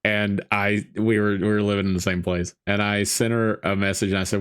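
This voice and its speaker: A man's voice: lowish voice, little pitch movement, fairly quick, hardly any pauses, smooth. A man co-hosting a podcast, chatting casually while watching a movie and telling rambling jokes and stories. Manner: rambling, joking storyteller. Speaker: podcast co-host.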